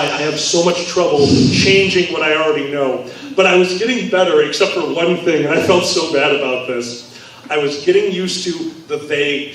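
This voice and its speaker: A man hosting a live panel, telling stories in an animated way and shouting out the quotes he acts. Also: a little high, slight background noise. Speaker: podcast host. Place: large convention room. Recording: echoey convention hall, mic far off.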